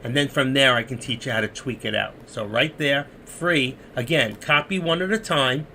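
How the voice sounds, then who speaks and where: A man's voice: mid-range voice, normal speed, creaky, pushed and bright, slight background noise. A man walking viewers through trading chart setups in a casual live stream, rambling and muttering to himself while he searches the screen. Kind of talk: casual screen-share tutorial.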